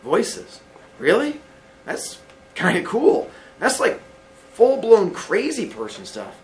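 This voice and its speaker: A male teacher voicing a joking, excitable teenage boy friend, with a loose, teasing way of talking, in a classroom read-aloud. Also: high-pitched, takes it slowly, voice pushed up, full character voice, poor audio. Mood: amused. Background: students in the room.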